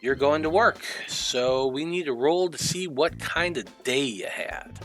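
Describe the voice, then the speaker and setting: Bright-voiced man running a tabletop game. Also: fairly high pitch, measured pace, faint music behind. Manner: relaxed, full of fillers, upbeat. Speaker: game master.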